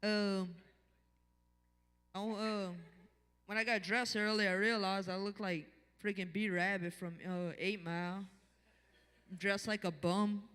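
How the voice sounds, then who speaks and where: A man's voice: high-pitched, flat delivery, slow pace, long pauses, bright, forceful tone, smooth. A man doing a rambling, self-deprecating stand-up set who loses his place. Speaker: stand-up comedian. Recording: reverberant bar hall.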